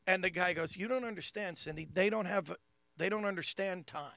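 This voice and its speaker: Guy telling stories, high gravelly voice, bright, dry sound. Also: brisk, no echo. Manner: animated, laughing storyteller. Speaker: comedian. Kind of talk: casual storytelling chat.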